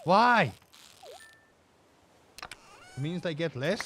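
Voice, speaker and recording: A man streaming a game while he rants, throwing out rhetorical questions and pushing his voice up high when he gets worked up. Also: animated, unhurried, fairly bright tone. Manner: ranting, piles up rhetorical questions. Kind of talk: casual rant while gaming.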